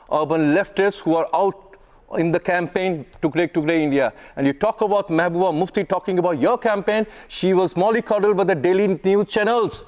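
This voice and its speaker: A man argues on a TV news debate in a high, insistent voice. He lectures his opponent and pushes back hard. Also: a little mellow. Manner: combative, lecturing. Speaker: debate panelist. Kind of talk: heated TV debate.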